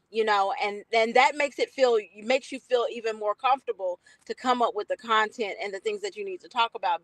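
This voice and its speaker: A woman's voice: a little high, no room sound, poor audio. A woman client giving an enthusiastic, casual testimonial on a coaching call. She laughs and repeats her phrases.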